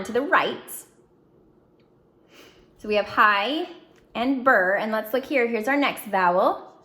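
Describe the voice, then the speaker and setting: A woman's voice: fairly high pitch, fairly bright tone. Encouraging woman teaching phonics. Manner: slow, clear, encouraging drill prompts. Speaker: reading teacher. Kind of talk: phonics lesson to young students.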